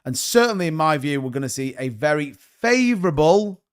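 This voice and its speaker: A man's voice: a little high, sing-song, moderate pace, smooth. A young man hosting a crypto stream, chatting casually and rambling with frequent restarts. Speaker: crypto channel host. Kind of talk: casual livestream chat.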